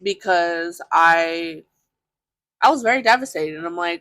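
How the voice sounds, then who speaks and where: A woman hosting a podcast, telling her own story frankly and casually, with plenty of filler words and some swearing. Her voice sits a little low. The sound is close and dry, with no room echo. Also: expressive, measured pace, a bit bright. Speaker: podcast host. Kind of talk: candid personal storytelling.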